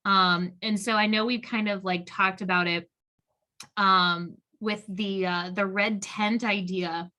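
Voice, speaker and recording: A woman's voice: mid-range voice, fairly even intonation, takes it slowly, sharp tone. A woman hosting a podcast, chatting casually and reflectively, with an enthusiastic tone and many "um" fillers. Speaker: podcast host.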